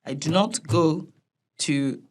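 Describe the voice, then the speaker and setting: A woman with a French accent, speaking as a guest in a casual interview, reflective and halting, with frequent restarts. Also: low-pitched. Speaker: guest, language teacher and dancer.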